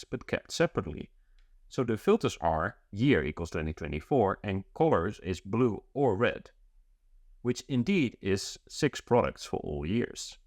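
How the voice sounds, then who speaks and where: A man presenting a software feature demo, explaining each step in a steady, scripted way. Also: on the low side, dry recording, studio quality.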